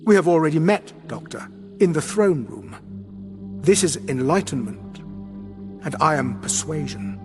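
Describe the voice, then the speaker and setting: Narrator doing a suave alien courtier in an audiobook, smooth and calm, lively pitch. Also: male voice, a little slow, music in the background. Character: smooth, courtly alien male minister in human form.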